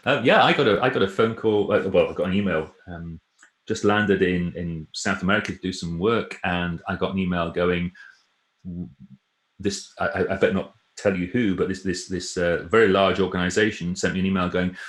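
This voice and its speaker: A man's voice: low voice, moderate pace, roomy sound. A man, a presentation trainer and author, chatting casually and telling stories with a self-deprecating, rambling manner. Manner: self-deprecating, chatty storyteller with frequent restarts. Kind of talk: casual chat.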